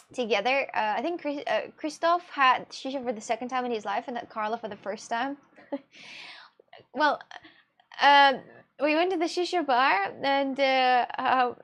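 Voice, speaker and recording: Young russian woman streaming, high voice, rambly, keeps laughing and restarting sentences. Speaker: livestreamer. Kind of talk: casual live-stream chat with viewers.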